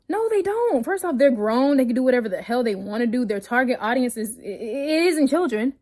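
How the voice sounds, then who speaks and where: Woman vlogger with a bright, high-ish voice. Blunt, profane, animated rant with frequent laughs. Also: brisk, hardly any pauses. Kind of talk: casual rant reading her notes.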